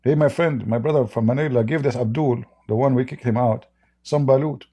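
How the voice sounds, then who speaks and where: A man's voice: medium pitch, brisk, warm tone, husky. A man hosting a live debate stream, blunt and mocking, speaking English with non-native grammar. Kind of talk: combative live-stream talk.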